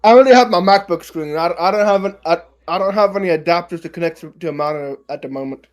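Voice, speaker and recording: High-voiced man stumbling over his words. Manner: halting, repeats himself as he starts sentences. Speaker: player. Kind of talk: casual chat.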